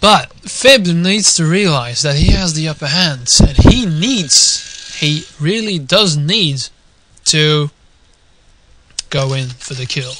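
A young man with a Dutch accent casting a video game live, drifting from quiet musing to shouted excitement. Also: on the high side, takes it slowly, background noise. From Netherlands. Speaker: game caster.

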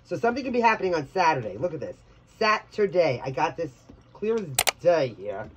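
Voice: mid-range voice, sing-song, a little fast, highs cut off, noisy background. Blunt, salty Brooklyn tarot reader. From New York, Brooklyn. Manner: blunt, chatty, swears freely. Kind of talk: casual tarot reading for viewers.

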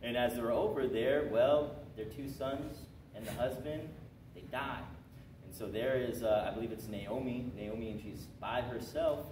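A man teaching a Sunday school class, reading scripture slowly and coaxing his students with a chatty manner. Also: medium pitch. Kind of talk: Bible quiz lesson. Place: church classroom. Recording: roomy echo, distant mic, noisy.

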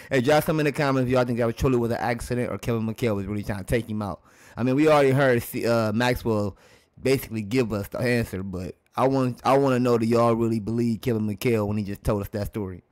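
A man's voice: medium pitch, steady tone, fast talker, darkish tone. A man hosting a casual reaction video, commenting on old basketball footage, laughing often and talking straight to his viewers.

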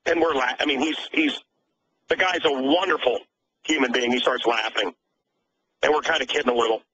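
A man's voice: medium pitch, brisk, sharp tone, breathy edge. A man talking as a radio guest, emphatic and rambling, often stammering as he restarts. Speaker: radio host, guest caller. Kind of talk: talk radio chat. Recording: dull lo-fi line with faint noise.

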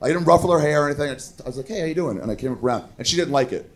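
A man in his thirties doing a profane stand-up comedy set on a club stage, mocking people with quick impressions. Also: fairly high pitch, expressive.

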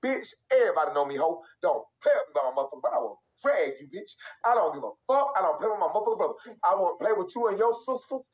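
Fiery high-voiced young man with a drawl. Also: very animated, racing, few pauses, highs cut off. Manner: fiery, profane, repetitive, emphatic. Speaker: live-stream host. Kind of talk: heated live-stream rant.

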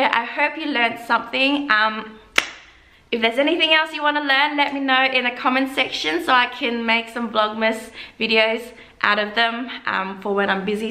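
A woman's voice: a little high, bright, forceful tone. A young woman gives a casual, upbeat video lesson, coaxing viewers to repeat phrases after her. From Australia. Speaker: language teacher vlogger. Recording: echoey room.

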